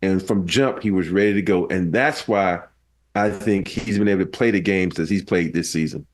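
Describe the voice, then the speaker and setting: A man hosting a casual sports podcast, relaxed and wry. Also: low-pitched, moderate pace, a little hiss or hum. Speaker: podcast host.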